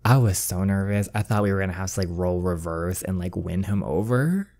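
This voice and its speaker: A man chats casually as he plays through a story game, gushing and reacting as he goes. His voice is mellow and dark, with an easy, talkative manner. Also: low-pitched, fairly quick. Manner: chatty, gushing, uses "like" a lot. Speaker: gaming channel host. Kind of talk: casual let's-play commentary.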